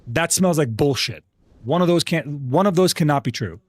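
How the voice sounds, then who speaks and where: Indignant male streamer, profane storyteller, slightly high pitch, dry booth. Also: expressive, no room sound. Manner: profane and indignant, talking fast through a family argument. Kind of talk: casual storytelling to a live chat.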